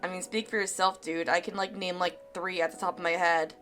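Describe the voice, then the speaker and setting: A woman's voice: fairly low pitch, flat delivery, a little fast, a bit bright. A woman streamer casually commenting while she plays a game, joking crudely and laughing often. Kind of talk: let's play commentary. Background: faint game music.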